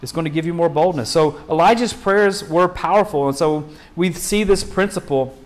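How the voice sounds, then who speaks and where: A man preaching a sermon as pastor, in a conversational style full of rhetorical questions and quick restarts. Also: on the high side.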